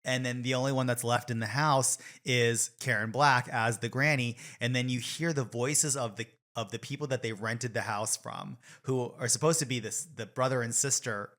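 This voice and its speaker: A man's voice: medium pitch, a bit bright. A man with a mid-range voice co-hosts a podcast in a casual chat. He retells scenes eagerly and in detail. He often acts out the characters' lines in quoted voices. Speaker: podcast co-host.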